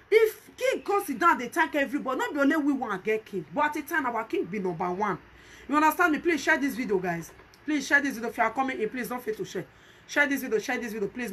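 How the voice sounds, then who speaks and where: A woman's voice: sits high, fairly bright tone. A woman with a Nigerian Pidgin accent giving emphatic, repetitive vlog commentary and pleading with viewers. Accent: Nigerian Pidgin English. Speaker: vlogger.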